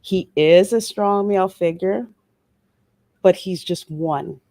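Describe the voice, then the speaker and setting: A woman with a Louisiana Creole accent argues her point on a discussion panel, emphatic and sarcastic with mounting indignation. Her voice sits low, and the sound is dry and close with no room around it. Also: takes it slowly, warm tone, no room sound.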